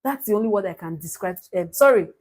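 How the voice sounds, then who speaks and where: A Nigerian woman recapping a reality show in casual, animated gossip, laughing often. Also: medium pitch, fast. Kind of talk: casual chat.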